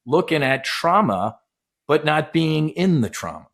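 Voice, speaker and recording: A middle-aged man, a former naval aviator, recounting a deep personal experience in an intense, animated way, swearing and acting out quoted dialogue. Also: a little slow, gravelly. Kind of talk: emotional storytelling in casual chat.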